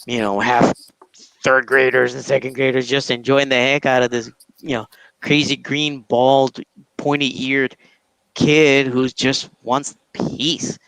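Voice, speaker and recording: A man's voice: mid-range voice, flat delivery, measured pace, fairly bright tone, clean tone, dry recording, low-quality recording. A man from Brooklyn, a comic book artist, chatting casually on a podcast, joking and laughing often and restarting his sentences. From Brooklyn, New York.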